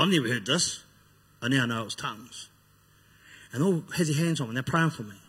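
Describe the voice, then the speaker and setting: Here the testimony comes in a medium-pitched, slightly rough male voice, blunt and raw as he acts out his own past words. The recording carries a long reverb from the hall.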